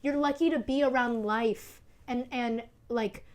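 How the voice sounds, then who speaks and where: This solo podcast host, a woman in her twenties recording on camera, talks in an unhurried, slightly high voice. Her casual chat rambles and stresses points hard, peppered with fillers and swearing.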